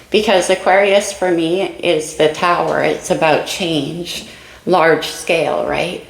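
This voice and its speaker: Woman tarot reader, low gravelly voice, dreamy musing delivery, slightly out of breath, echoey room. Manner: dreamy, musing, talks to viewers directly. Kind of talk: casual spoken tarot reading.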